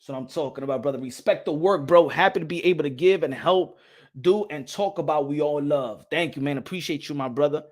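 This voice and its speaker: Boxing vlog host, man with a high pitched voice, heated profane rant with shouty bursts. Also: brisk. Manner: repeats phrases, laughs at own points. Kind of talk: casual boxing commentary vlog.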